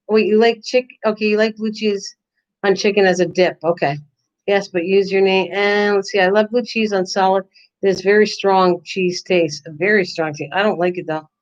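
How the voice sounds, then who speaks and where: Older woman host, playful and teasing, chatty live-stream banter, slightly muffled lo-fi sound. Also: mid-range voice. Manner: teasing, chatty, answers viewer comments. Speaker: channel host. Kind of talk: casual live-stream chat.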